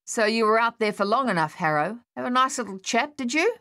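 A woman voicing a gruff, sarcastic older army captain who snaps out his orders. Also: on the high side, expressive, a little fast, sharp tone, voice pushed up. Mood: brusque. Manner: snapping, sarcastic.

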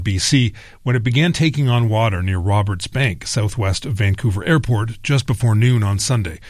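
A man's voice: mid-range voice, no echo, clean studio sound. Man reading a formal news intro. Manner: steady, formal delivery. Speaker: news anchor.

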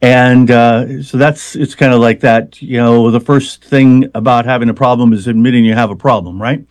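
A man's voice: mid-range voice, steady tone, normal speed, a little mellow, no echo. A man being interviewed as a hypnotist, explaining at length in a conversational way with many fillers and restarts.

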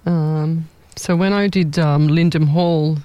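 A male psychic medium chats his way through a live reading, rambling and poking fun at himself. His voice sits a little high, recorded dry and close with no room sound. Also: steady tone, slow, no echo. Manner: chatty, rambling, self-mocking with frequent laughs; warm familiar address.

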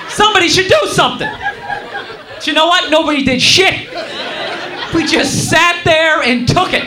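A man doing a stand-up comedy set, telling a rambling, animated story with crude asides in front of a live audience. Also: very high-pitched, fairly quick, a crowd in the background, background noise. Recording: echoey comedy club with loud audience.

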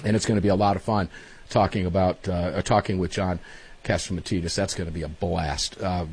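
A man hosting a talk radio show, briskly plugging guests and joking with his co-host. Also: sits low, fairly even intonation, a little mellow, breathy edge. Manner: brisk, joking, plugs upcoming shows.

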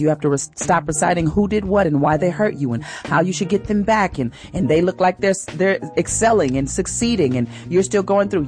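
A woman's voice: low-pitched, a little mellow. Earnest woman radio host, faint music. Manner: earnest, encouraging, speaks directly to listeners. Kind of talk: inspirational radio talk.

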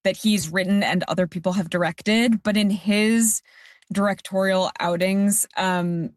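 A woman giving a measured, critical film review on a discussion panel, with dry asides. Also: medium pitch, fairly even intonation, dry recording.

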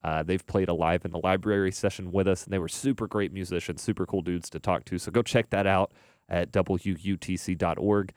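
A young man hosting a radio music show, chatting in a relaxed, rambling way full of "uh"s and restarts. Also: sits low, fairly quick, no room sound, clean studio sound. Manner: relaxed, rambling, filler-heavy. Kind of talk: casual radio DJ chat. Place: radio studio. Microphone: studio mic.

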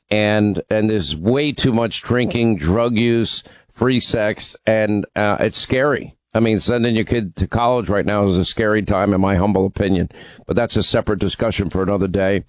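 A man's voice: fairly low pitch, dry recording. A man hosting a political talk radio show, opinionated and emphatic, taking calls and teasing callers. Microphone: studio microphone.

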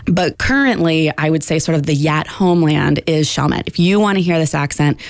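Low-voiced woman linguist explaining. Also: fairly quick, no echo. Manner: explanatory, uses fillers like um. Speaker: linguist guest. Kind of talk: radio interview answers.

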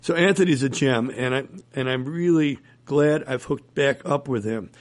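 A man's voice: medium pitch, moderate pace. A man, a musician guest in an interview, telling rambling anecdotes and chuckling often. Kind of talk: casual interview storytelling.

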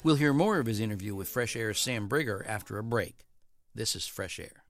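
A man hosting a radio show, reading scripted links in a measured, even way into a studio microphone. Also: on the low side, faint music behind.

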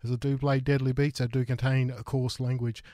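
A man with an Australian accent, hosting a radio music show, a bit out of breath and halting, with many filler sounds. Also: mid-range voice, little pitch movement, warm tone, no echo, studio quality. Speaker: radio host. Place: radio studio.

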